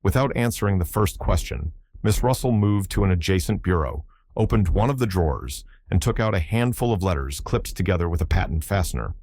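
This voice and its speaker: A man narrating a classic mystery audiobook in a measured, even way. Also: sits low, a little hiss or hum. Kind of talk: scripted narration.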